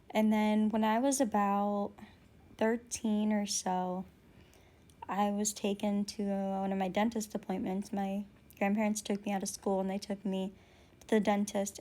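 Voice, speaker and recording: A woman's voice: mid-range voice, mellow. A young woman candidly telling a personal story in a vlog, with frequent ums and restarts. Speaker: vlogger.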